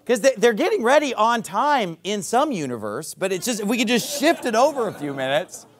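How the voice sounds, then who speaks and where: A man's voice: sits high, sing-song, fairly quick, fairly bright tone. A middle-aged man preaching a sermon to his congregation as pastor, with emphatic rises and drops and many rhetorical questions. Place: church auditorium.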